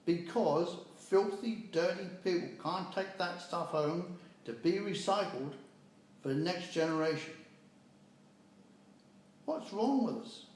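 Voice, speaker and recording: Older man, higher-pitched, blunt, impassioned scold, heavy room echo. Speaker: speaker giving a personal message. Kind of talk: impassioned monologue. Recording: very echoey room.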